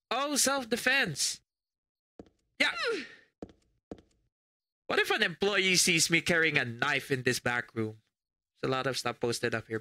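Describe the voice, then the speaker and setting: A man's voice: mid-range voice, sharp tone, a little hiss or hum. A man doing let's play commentary on a horror game, reading on-screen text aloud and muttering his reactions. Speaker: gamer.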